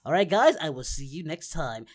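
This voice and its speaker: A woman voicing a brash, excitable adult male martial artist hero, giving in-character reaction commentary and yelping at the screen. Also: deep voice, normal speed, background noise. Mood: musing. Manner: excitable, yelps and shouts at the screen. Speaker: reaction video host.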